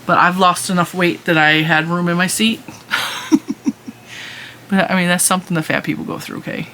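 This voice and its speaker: A middle-aged woman hosting her crochet channel, chatting casually and telling an animated story with frequent laughter. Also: on the low side, moderate pace, slight background noise. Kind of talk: casual chat.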